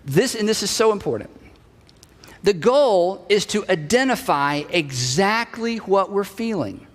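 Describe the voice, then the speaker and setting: Man, pastor, conversational sermon, higher voice, long hall reverb. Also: lively intonation, measured pace. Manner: conversational, acts out short inner dialogues.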